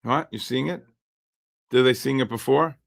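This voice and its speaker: A hoarse man hosting a live trading stream, chatting with viewers by name while he calls trades. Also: medium pitch, moderate pace. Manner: animated, greets chat by name while calling trades. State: hoarse, losing his voice. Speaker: livestream host and futures trader.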